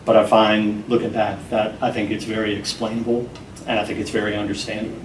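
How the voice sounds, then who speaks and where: A man being interviewed, speaking in an earnest, measured and heartfelt way. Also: on the low side, completely flat delivery, recorded from a distance, noisy background. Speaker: interview guest. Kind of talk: earnest, reflective interview talk. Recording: roomy sound from off-mic, faint music behind.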